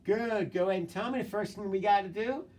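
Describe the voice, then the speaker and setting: A male teacher leads a phonics lesson by video, coaxing students to tap out sounds and read words fast. His encouraging, repetitive prompts carry across the room to a camera mic set some way off. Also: high voice, a little mellow. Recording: voice distant from the mic.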